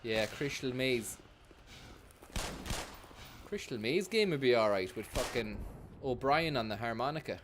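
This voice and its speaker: Male streamer, mid-pitched, swears constantly, jokey running commentary with sudden yells. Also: expressive, measured pace, long pauses, noisy background. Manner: sweary, joking, bursts into shouts. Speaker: gaming streamer. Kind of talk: live gameplay commentary.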